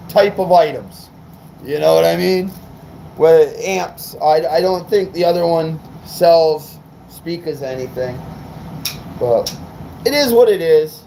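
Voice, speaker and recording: A fired-up man from New England rambles and swears through a casual livestream chat. His voice sits high for a man. Faint noise hums behind him. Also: a little mellow, poor audio. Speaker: car audio livestreamer.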